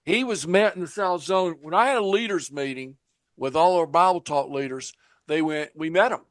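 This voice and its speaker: A man's voice: on the high side, normal speed, no echo. A man hosting a casual conversation, telling stories with animation and speaking straight to his listeners. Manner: animated storyteller, direct address to listeners.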